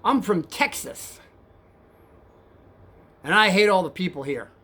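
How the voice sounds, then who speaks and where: A man voicing a threatening, hostile male cab passenger, speaking slow and raised. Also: high-pitched, sing-song, pushed and bright, breathy edge, heavily acted. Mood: menacing.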